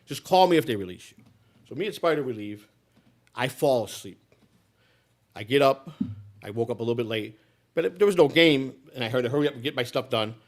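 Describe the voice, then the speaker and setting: A man in his sixties telling a long personal story in a live speech, rambling, with frequent restarts and repeated words. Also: mid-range voice. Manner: rambling, with many restarts and repetitions. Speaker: political candidate.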